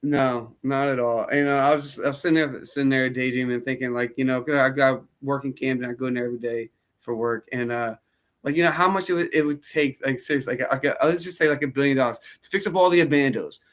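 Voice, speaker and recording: A man's voice: medium pitch, quick pace. A man co-hosting a podcast, rambling casually with lots of fillers and restarts. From New Jersey. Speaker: podcast co-host. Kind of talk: casual chat.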